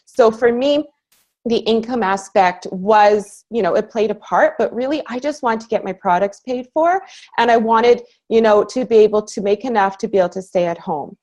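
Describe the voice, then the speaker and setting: A woman's voice: a little high, normal speed, darkish tone, muffled recording. A woman in her thirties from Canada, the guest on a training call, telling her personal story in an earnest, enthusiastic, chatty way with frequent laughs. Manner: earnest and enthusiastic, laughs easily, many "you know"s. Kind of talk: personal story in casual conversation.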